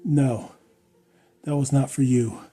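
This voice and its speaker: A man casually vlogging his workout at home, joking around and counting reps out loud. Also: mid-range voice, steady tone, slow pace, husky. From United States. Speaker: fitness vlogger.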